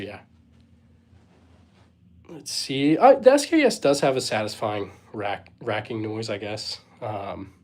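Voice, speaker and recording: A man's voice: medium pitch, a little mellow. A young man hosting a casual live Q&A stream, laid-back and hesitant, reading out viewer questions and thanking people as he goes. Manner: laid-back, hesitant, lots of fillers and shrugging asides; reads chat aloud and thanks viewers. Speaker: livestream host.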